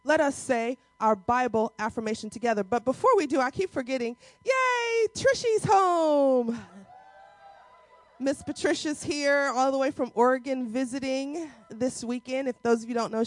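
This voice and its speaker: Middle-aged woman pastor, high voice, dry close mic, rousing call-and-response preaching. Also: dry recording. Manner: rousing call-and-response preaching, drops to soft intimate tones. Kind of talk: sermon. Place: church sanctuary.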